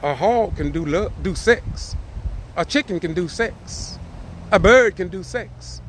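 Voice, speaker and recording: A man preaching an impassioned message, repeating phrases and swelling into shouted cries. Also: high-pitched, animated, slow, slight background noise. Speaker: street preacher.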